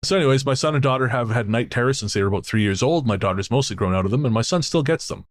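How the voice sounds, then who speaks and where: A man's voice: mid-range voice, lively intonation, very fast. A man co-hosting a spooky-stories podcast, chatting casually and reading a listener's story aloud, sardonic, swearing and laughing often. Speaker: podcast co-host.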